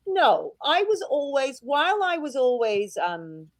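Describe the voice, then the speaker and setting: A British head teacher, a woman, telling stories in a casual interview, outspoken and animated. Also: high-pitched, unhurried, dry recording. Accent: British English. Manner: outspoken, animated storytelling with laughs.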